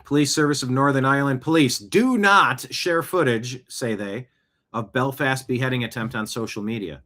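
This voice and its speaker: A man hosts his own news show and delivers heated commentary in a voice of middling pitch. He fires off one rhetorical question after another, indignant and unrelenting. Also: moderate pace, sharp tone. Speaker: show host.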